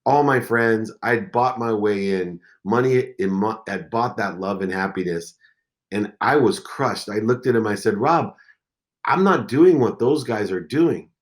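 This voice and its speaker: A man in his forties with a fairly low voice tells a personal story as a podcast guest. His delivery is intense, and it swings between hushed moments and loud ones. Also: measured pace. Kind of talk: emotional storytelling.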